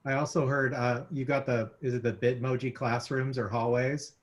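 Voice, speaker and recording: A man on a discussion panel offering ideas in a hesitant, halting way. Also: mid-range voice, little pitch movement. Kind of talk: casual discussion.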